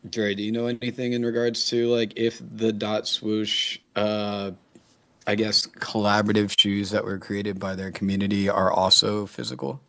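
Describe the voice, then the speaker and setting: A man's voice: on the low side, little pitch movement, moderate pace, gravelly, fairly bright tone, dry recording. A man chatting casually as a guest in an online audio room, rambling and laughing easily. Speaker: guest speaker. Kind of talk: casual chat. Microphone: online audio room mic.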